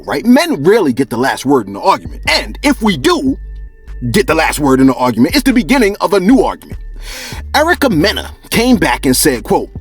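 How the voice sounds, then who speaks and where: A man hosting a celebrity gossip show, his pitch leaping all over the place as he riffs in loose slang. He chuckles often between points, and faint music plays underneath. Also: husky. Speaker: entertainment news host.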